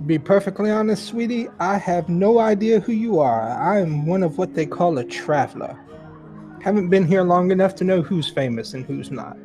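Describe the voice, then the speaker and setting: A man puts on a charming wanderer with a lazy Southern drawl, pitched a touch above his own voice. He sounds relaxed and teasing, as if the tavern belongs to him. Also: normal speed, soft background music. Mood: easygoing. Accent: put-on Southern US. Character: friendly male traveler with a put-on southern drawl.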